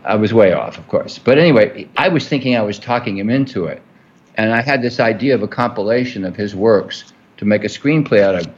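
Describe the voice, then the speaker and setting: A man's voice: on the low side, expressive, a little fast, lo-fi sound. A man being interviewed, telling a long story in a rambling way with many fillers and restarts. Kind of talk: storytelling in a conversation.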